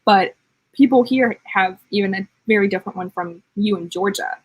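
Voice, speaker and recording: A woman from Michigan with an accent that blends Southern North Carolina and the Midwest. Her voice is a bit husky, set in dry, close sound, and she rambles along in a self-deprecating, casual way. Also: mid-range voice, moderate pace, no echo, low-quality recording. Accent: mixed Southern North Carolina and Midwestern Michigan. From Michigan, USA. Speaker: co-host of a writing livestream. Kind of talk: casual chat.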